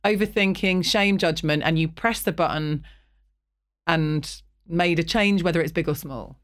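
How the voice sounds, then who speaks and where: A woman's voice: lowish voice, measured pace. Chatty woman host who laughs often. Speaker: podcast host. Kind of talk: casual interview chat.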